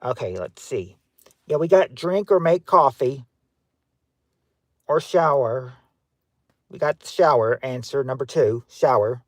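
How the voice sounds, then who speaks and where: A man's voice: mid-range voice, expressive, a little slow, pauses often, no room sound. A man from Kentucky with a Southern accent, hosting a casual livestream outdoors and reading viewer chat aloud with lots of restarts. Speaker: livestream host.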